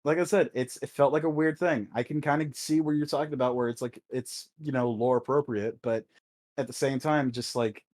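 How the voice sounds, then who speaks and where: A man co-hosting a podcast, talking in a casual, animated way, swearing often and laughing a lot. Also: medium pitch, fairly quick. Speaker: podcast co-host. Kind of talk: casual chat.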